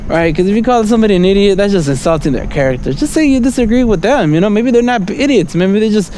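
A man's voice: high-pitched, lively intonation, quick pace, mellow, a little hiss or hum. A man vlogging a rambling, casual stream-of-thought monologue, outdoors on a city street at night, constantly asking "right?" and "you know?" and chuckling between thoughts.

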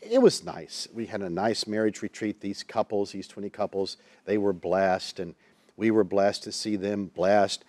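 A man's voice: fairly low pitch, lively intonation, normal speed, darkish tone, no room sound. A man, a Christian counselor and minister, tells a personal story as a guest in a TV interview, acting out the people he quotes.

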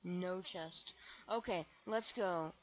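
Young female gamer, slow and self-mocking, prone to panicked shrieks; muffled, low-fi home recording. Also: slight background noise. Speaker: gaming channel host. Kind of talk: gameplay commentary.

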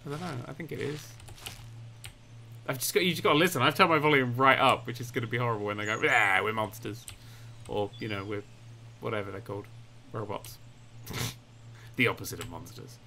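A young man commentating his own game, jumpy and quick to yelp and swear when startled. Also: medium pitch, gravelly, sharp tone, slight background noise. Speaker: gaming YouTuber. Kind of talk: let's play commentary.

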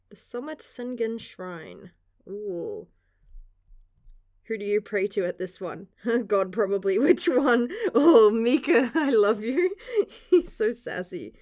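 A woman's voice: fairly high pitch, a little mellow. A young woman reacting casually to a manga chapter, gushing and giggling, with casual swearing. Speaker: manga reviewer.

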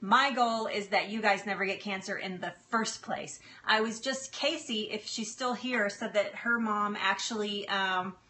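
Middle-aged woman, bright tone, laughing cooking host chatting live from her kitchen. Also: medium pitch, measured pace, hardly any pauses. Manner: chatty, laughs often, apologetic, stalls with fillers. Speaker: livestream cooking host and health coach. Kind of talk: casual live-stream chat while cooking. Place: home kitchen.

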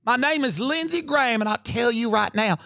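A comedian puts on a greedy old Southern politician who talks in a sassy, crude drawl. The voice sits high and swings widely, with a gravelly edge. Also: male voice, expressive, a little fast, sharp tone, dry recording, clean studio sound, heavily acted.

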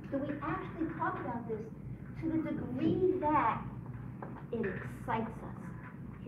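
A woman's voice: sits high, noisy background. Earnest woman teaching a religious class. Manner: earnest, asks the room questions. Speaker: teacher leading a women's study group. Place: room with a group. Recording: echoey lo-fi room recording from far off.

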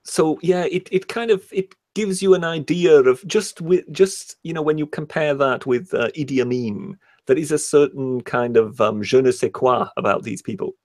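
Hesitant British male co-host, somewhat high voice, dry mic. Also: a little mellow, dry recording. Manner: hesitant, many ums, slows to read quotes aloud. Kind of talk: casual livestream chat.

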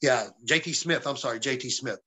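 A man from the American South tells wrestling stories in a loose, profane way, jumping into the voices of people he quotes. His voice sounds bright and forward. The pitch sits in a middle range. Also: brisk. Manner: profane, animated storyteller acting out quotes. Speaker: wrestling guest. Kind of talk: casual storytelling interview.

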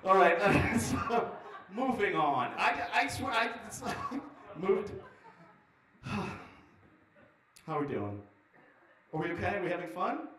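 A man in his forties doing live stand-up, teasing the audience and riffing with wry, sudden loud outbursts. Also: sits high, very animated, slow pace, long pauses, distant mic. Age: 40s. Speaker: stand-up comedian. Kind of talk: live stand-up with crowd work. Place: lodge performance room. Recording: echoey room recorded from afar.

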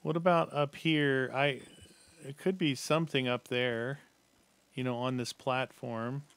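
Man, playful gamer chat, mid pitch, dry close mic. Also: fairly even intonation, measured pace, fairly bright tone, clean tone, no echo. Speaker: gaming channel co-host. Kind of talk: casual gameplay chat.

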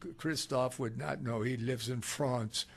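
A man's voice: medium pitch, steady tone, measured pace, vocal fry, breathy edge. A man in his eighties hosting a radio show, chatting casually and jokingly, with a lot of hesitation as he rambles. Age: 80s. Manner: joking, rambling, with many fillers.

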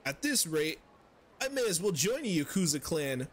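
A man doing a boastful, crude street informant with a drawling, sing-song put-on accent. The voice sits raised and bounces widely up and down. It comes across as a loud, folksy game character. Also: fairly high pitch, sing-song, moderate pace. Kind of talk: reading game dialogue aloud in a put-on voice.

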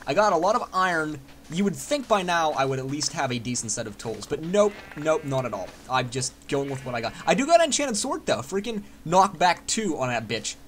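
Chatty young man with a lively voice. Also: a little high, a little fast. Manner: chatty, excitable, swears casually, talks to himself. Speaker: Minecraft let's player. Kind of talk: casual gameplay commentary.

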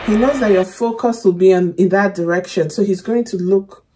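A woman's voice: mid-range voice, normal speed, over music. A woman reacting aloud to a film, chatting casually and exclaiming as she watches. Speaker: movie reactor. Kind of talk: reaction commentary.

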